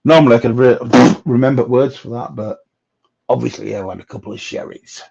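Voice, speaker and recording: A man's voice: mid-range voice, brisk, gravelly, darkish tone, a little hiss or hum. Middle-aged guy hosting a live chat, jokey, keeps laughing and singing bits of folk songs, muffled lo-fi sound. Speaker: host. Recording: dull lo-fi sound.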